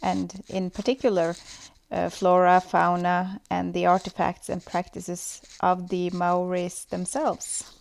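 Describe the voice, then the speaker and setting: Brief female presenter, measured explainer, touch of vocal fry. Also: fairly low pitch, monotone. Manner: measured, explanatory, reading from notes. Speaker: student presenter. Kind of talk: scripted lesson presentation.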